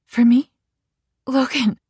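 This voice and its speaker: A man reading an audiobook voices a sweet, playful young woman with a breathy, teasing manner. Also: high voice, normal speed, no room sound, clean studio sound, pitched above the performer's own voice. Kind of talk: audiobook narration.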